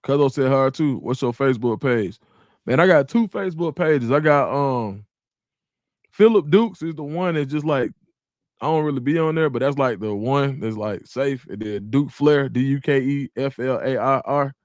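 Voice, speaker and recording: A young man, hosting a casual livestream and reading viewers' comments aloud in an animated way. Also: medium pitch, moderate pace, no echo, studio quality. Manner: animated, talks to the chat, reads comments aloud. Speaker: livestream host.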